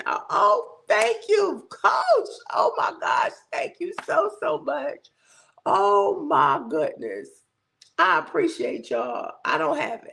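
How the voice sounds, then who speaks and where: Lady in her 60s chatting on a livestream, high gravelly voice, slow and swooping all over. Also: a bit bright. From southern United States. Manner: chatty, laughs often, drawn-out thanks. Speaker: livestream host. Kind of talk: casual live chat greeting viewers.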